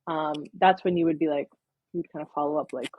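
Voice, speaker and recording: A woman's voice: low-pitched, steady tone, fairly quick, slightly rough, narrow, tinny audio. A woman, a counseling intern, talking in a casual podcast interview, explaining at length with many verbal fillers.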